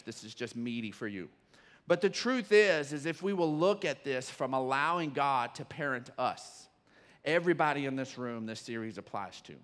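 Middle-aged male pastor, high voice, folksy animated sermon delivery with sudden whoops. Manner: animated storytelling, bursts of whooping and shouting when excited; folksy, many fillers and restarts.

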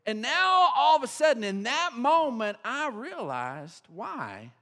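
High-voiced pastor telling a story. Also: male voice, slow. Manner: storytelling, swinging from loud excited bursts to quiet low asides. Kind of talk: sermon.

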